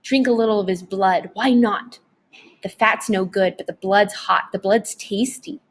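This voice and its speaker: A woman's voice: medium pitch, a little slow, husky. A woman voicing a wiry, sly male creature who coaxes and taunts in a sing-song chant in a storybook reading. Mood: coaxing.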